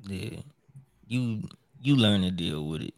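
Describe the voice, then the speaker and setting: A man's voice: deep voice, lively intonation, takes it slowly, no room sound. A man who hosts his own show, chatting casually in a profane, rambling way with many restarts. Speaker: podcast host. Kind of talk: casual chat.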